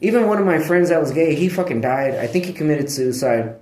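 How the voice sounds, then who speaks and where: A man's voice: on the high side, expressive, fairly quick, a little mellow. A man talking in a loose, rambling vlog monologue, slangy and profane, sometimes breaking off to scold his dog. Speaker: vlogger. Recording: echoey room.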